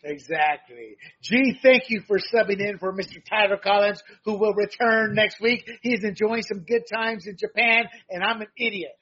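A man with a high, husky voice hosts a political podcast, full of energetic, playful patter as he wraps up the show. His voice comes through slightly dull and lo-fi, recorded at home. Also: normal speed, few pauses. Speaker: podcast host. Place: home room with figurines behind.

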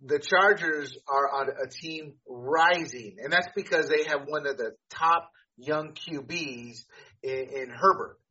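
Male podcast co-host, casual sports talk, bright and husky, emphatic, dull lo-fi recording. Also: fairly high pitch, takes it slowly. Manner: animated, emphatic, repeats words when starting.

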